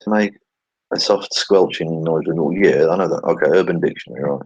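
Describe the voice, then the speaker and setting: A man with a low, husky voice gives sarcastic running commentary, swearing freely and muttering asides as he reads tweets aloud. His voice sits dry and close, caught on a dull, lo-fi home recording. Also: brisk, a little mellow, dry recording. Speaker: channel host.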